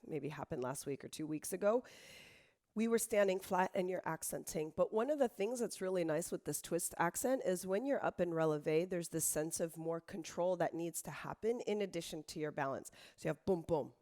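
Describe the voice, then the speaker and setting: A hoarse, slightly low-voiced woman in her thirties leads a dance lesson, counting the beats aloud and calling out each move as she dances. Sick and worn out, she explains the technique in a relaxed, encouraging way between the counts. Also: moderate pace. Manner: counts beats and calls out moves while dancing. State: hoarse from illness, tired. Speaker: dance instructor.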